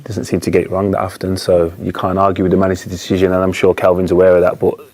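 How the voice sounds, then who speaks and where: Man, very low voice, football pundit, casual, filler-heavy. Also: quick pace. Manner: relaxed, anecdotal, frequent fillers. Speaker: studio pundit. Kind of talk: casual studio chat.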